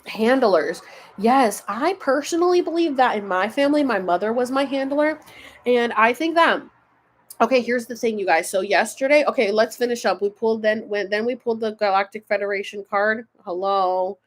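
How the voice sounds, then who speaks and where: A woman's voice: on the high side, normal speed. A woman hosting a casual spiritual livestream, chatting and rambling, often losing her thread.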